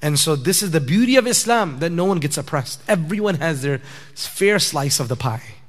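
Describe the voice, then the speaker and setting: A man's voice: a little high, expressive, moderate pace. A man giving a conversational sermon in a mosque prayer hall, asking rhetorical questions and building to emphatic points. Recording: long hall reverb.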